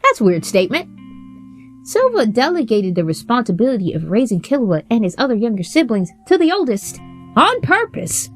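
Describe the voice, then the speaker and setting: Fired-up, swearing woman with a lively high voice. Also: normal speed, soft background music. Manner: blunt, profane, heated. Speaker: host. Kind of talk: casual commentary on a show.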